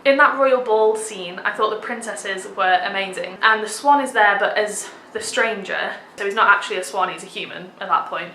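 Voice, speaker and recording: A woman's voice: medium pitch, moderate pace, hardly any pauses, bright, forceful tone, reverberant, a little hiss or hum, poor audio. A young woman vlogging a theatre review, gushing with enthusiasm and dropping lots of "like"s. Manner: gushing, enthusiastic, many filler "like"s. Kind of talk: casual theatre review vlog.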